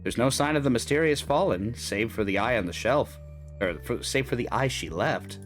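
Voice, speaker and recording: A man's voice: mid-range voice, animated, moderate pace, faint music behind. A man hosting a gaming stream, reading a game's narration aloud with dramatic flair. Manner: dramatic reading with swearing asides. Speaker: gaming channel host. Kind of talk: reading game narration aloud with live chat.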